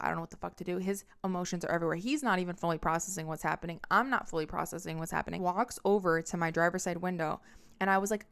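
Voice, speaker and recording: A young woman hosts her own podcast and tells a personal breakup story in a storytime monologue. Her voice is smooth and sits a little low for a woman. She talks with strong emphasis, swears freely and acts out the lines other people said. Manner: acts out quotes and horn sounds. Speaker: podcast host.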